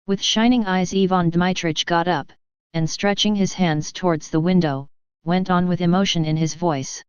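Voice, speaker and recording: A woman narrating an audiobook with a measured, even delivery. Her voice is low-pitched and very clear. The recording is close and dry, with a slightly dull, muffled top end. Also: dry recording. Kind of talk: scripted narration.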